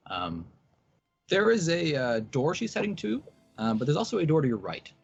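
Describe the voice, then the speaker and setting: A man's voice: fairly high pitch, wildly swooping pitch, moderate pace, vocal fry, slightly rough. A man narrating as game master, with many hesitant ums and uhs. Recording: dull lo-fi recording.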